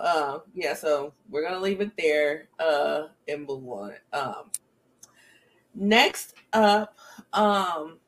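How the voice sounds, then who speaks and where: A woman hosting a casual podcast, speaking frankly with many ums and frequent laughter. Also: sits low. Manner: chatty, frank, laughs often, filler ums. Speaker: podcast host. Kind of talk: casual chat.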